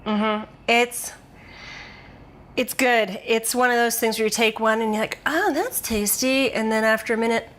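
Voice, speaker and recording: A woman's voice: fairly high pitch, monotone, normal speed, a bit bright. A woman co-hosting a casual on-camera chat, playful and enthusiastic, often laughing. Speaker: co-host.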